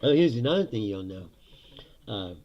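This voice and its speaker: A man's voice: medium pitch, big pitch swings, a little fast, a little mellow, dull audio. A man doing a casual political rant, sarcastic and profane, laughing often between points. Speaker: political commentary host.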